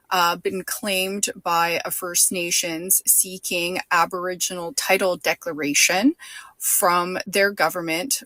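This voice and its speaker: A woman reporter delivering a steady, informative news report. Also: on the low side, no echo.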